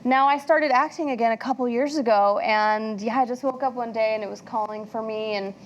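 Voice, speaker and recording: Actress guest, 40s, sincere, hesitant delivery, slightly higher voice. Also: female voice, lo-fi sound, slight background noise. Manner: earnest, halting with fillers. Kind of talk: talk show guest chat.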